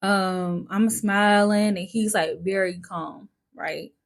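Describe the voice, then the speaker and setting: A woman's voice: medium pitch, slow. Chatty woman telling a personal story. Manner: candid and chatty, heavy use of "like" fillers; swearing, expressive storytelling. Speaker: vlogger. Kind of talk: casual storytime monologue.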